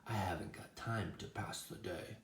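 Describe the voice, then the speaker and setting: A man's voice: sits low, steady tone, moderate pace, a bit bright, in a whisper. A man voicing a big, proud dump truck with a brusque, self-important manner, in an echoey room.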